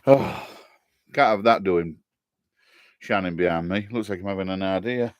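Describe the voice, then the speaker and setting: A man's voice: low-pitched, moderate pace, no room sound, studio quality. A man, a bit tipsy, chatting casually on a live stream from his shed and greeting viewers by name. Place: garden shed.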